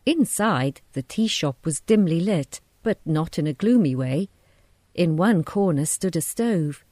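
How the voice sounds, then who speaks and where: A woman reading a short story aloud in a measured, descriptive narration. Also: on the low side, lively intonation, mellow, no room sound, soft background music.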